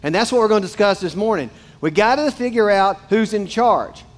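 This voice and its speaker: A man's voice: high voice, fairly quick. A man, preaching a casual, joking sermon straight to his congregation in a church. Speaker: pastor. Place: church sanctuary.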